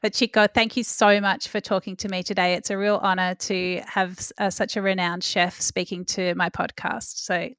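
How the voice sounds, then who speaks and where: A woman's voice: mid-range voice, level tone, normal speed, hardly any pauses, a bit bright, clear, resonant tone, no echo, clean studio sound. A woman hosting a food podcast, speaking in an enthusiastic, effusive way. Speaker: podcast host. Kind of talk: interview and scripted outro.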